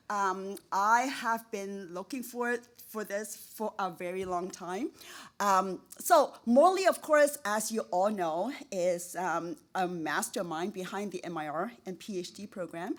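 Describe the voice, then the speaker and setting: A woman's voice: medium pitch, a little slow. A middle-aged woman giving an emotional acceptance speech as an award-winning professor, effusive and repeating words for emphasis, laughing at herself.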